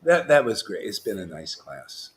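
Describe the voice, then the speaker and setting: A man leading an online devotional class, talking in an animated, impassioned way that swings between loud urging and soft asides. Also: lowish voice, normal speed. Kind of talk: impassioned casual teaching.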